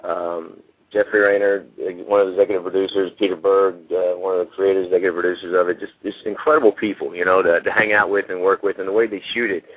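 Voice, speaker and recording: Deep-voiced and quick, this man delivers his words flatly while he, an actor guest from Texas, rambles folksily through his life story, full of "you know." The casual interview comes through a tinny phone line without room sound.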